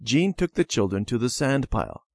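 A man reading a children's story lesson in a measured storybook manner. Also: mid-range voice, big pitch swings, darkish tone, dry recording, clean studio sound. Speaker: reader. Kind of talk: scripted narration of a children's lesson.

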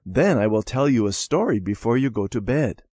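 A man voicing a kind old grandmother in a storybook, telling a bedtime story in a gentle, soothing way. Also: medium pitch, expressive, moderate pace, husky, dry recording, clean studio sound.

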